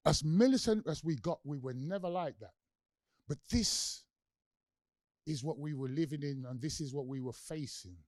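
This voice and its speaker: Animated London man giving a lecture. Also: fairly high pitch, normal speed, no room sound, clean studio sound. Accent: London English. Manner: animated storyteller, acts out quoted voices, asks the audience questions. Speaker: guest lecturer. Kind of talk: public lecture with storytelling.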